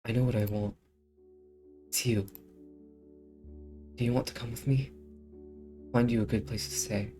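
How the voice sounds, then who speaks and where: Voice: medium pitch, fairly even intonation, measured pace, pauses often, warm tone, soft background music, lightly acted. A streamer voicing a lonely girl who pleads and begs others to stay with her, reading game dialogue aloud. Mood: longing. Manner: begging, clingy.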